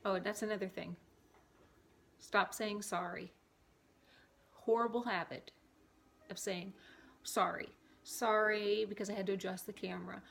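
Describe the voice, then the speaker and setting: Woman with a gravelly voice leading affirmations. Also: mid-range voice, slight background noise. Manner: reads aloud, then breaks off into rambling asides. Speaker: self-help vlogger. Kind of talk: reading and repeating affirmations to camera. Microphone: camera mic.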